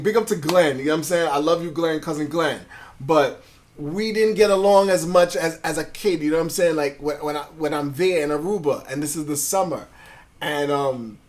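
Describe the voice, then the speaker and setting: A man, telling his life story as a guest in a casual interview, swearing freely and acting out other people's voices. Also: a little high. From Brooklyn, New York. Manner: animated storyteller, acts out voices of family and police; swears freely, street slang.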